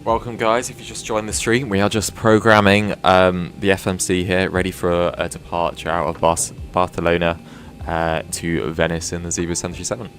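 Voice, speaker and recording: Low-voiced British man streaming chat. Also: level tone, fairly quick, fairly bright tone, soft background music. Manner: rambling, self-deprecating, chatty asides. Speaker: flight sim live streamer. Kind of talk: casual live-stream chat.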